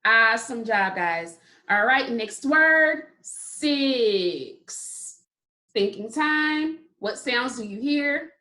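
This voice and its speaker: A woman teaching a phonics lesson to young children, sounding words out slowly and praising often. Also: fairly high pitch, pushed and bright. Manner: slow, drawn-out sounding out of words; encouraging, repeated praise. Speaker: kindergarten teacher.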